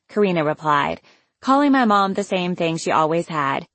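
A woman's voice: low voice, expressive, normal speed, no echo. A woman narrating a novel in the first person with a casual, wry storytelling manner. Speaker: audiobook narrator.

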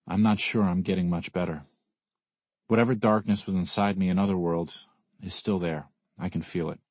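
A man with a very deep, husky voice reads a first-person audiobook. His delivery is weary and brooding, and the recording is dry and close to the mic. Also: a little mellow, dry recording. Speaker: audiobook narrator. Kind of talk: first-person scripted narration.

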